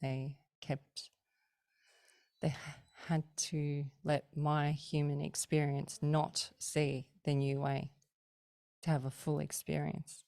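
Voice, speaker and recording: A middle-aged woman with a low, mellow voice tells stories as a podcast guest. She talks in a lively, casual way, acts out the people she quotes and laughs often. The sound is dry and close. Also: slow, gravelly, no echo. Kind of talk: casual storytelling.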